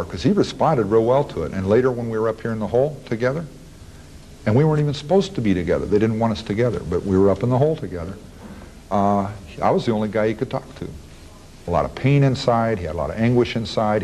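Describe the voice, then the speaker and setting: A man's voice: on the low side, mellow, a little hiss or hum, low-quality recording. A man recounting events in an archival interview, plain-spoken and blunt, rambling through his recollections.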